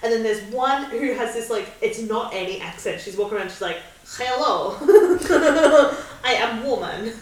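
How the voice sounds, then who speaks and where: A woman's voice: a little high, animated, normal speed, hardly any pauses. A woman co-hosting a podcast, chatting casually about an episode, laughing often and acting out quotes. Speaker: podcast co-host. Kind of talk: casual chat recapping an episode. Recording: echoey room, distant mic.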